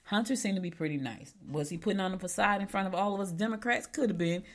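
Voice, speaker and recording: A woman's voice: mid-range voice, fast talker. A middle-aged woman hosting a local show, telling stories in a rambling, chatty way. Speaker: local radio show host. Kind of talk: casual chat.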